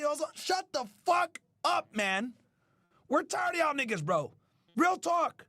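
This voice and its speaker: A man hosting a podcast, ranting loudly with profanity, often shouting and mocking others in whiny put-on voices. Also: extremely high pitch, lively intonation, a little slow, no room sound, clean studio sound. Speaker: podcast host. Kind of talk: ranting commentary.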